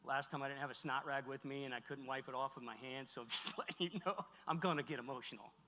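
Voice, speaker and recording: Bright-voiced man speaking in a hall. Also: medium pitch. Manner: halting, heartfelt, many restarts. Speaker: keynote speaker. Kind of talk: emotional keynote speech. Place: large hall on stage. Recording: echoey hall recording.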